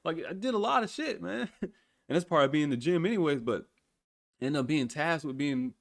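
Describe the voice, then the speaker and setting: Guy ranting about his army days, voice jumps all over, kinda high, cusses a lot. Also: brisk, creaky. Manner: animated, swears freely, acts out quotes. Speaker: military veteran storyteller. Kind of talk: casual storytelling monologue.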